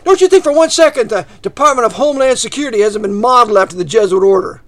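A man preaching a fiery, ranting monologue to his listeners, often breaking into shouts and dropping to low, quiet asides. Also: expressive, fast.

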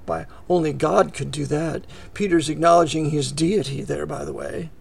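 Male preacher, high gravelly voice, dry close sound; reads scripture then explains it plainly, loud peaks and hushed drops. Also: moderate pace, hardly any pauses, dry recording. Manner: rises to emphatic peaks, drops to near-whisper asides; reads scripture in old English, then paraphrases conversationally. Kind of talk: expository sermon.

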